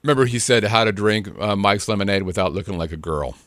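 A man's voice: fairly low pitch, quick pace, fairly bright tone, no echo, clean studio sound. A middle-aged married man co-hosting a podcast, joking and teasing in casual banter. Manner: joking, teasing, does silly voices. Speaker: podcast co-host.

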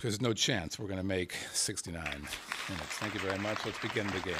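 A man's voice: a little fast, over a noisy crowd, heavy background noise. A man hosting a casual comedic podcast, joking with his co-host and laughing often. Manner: joking, laughs often, lively swings in pitch. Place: Las Vegas.

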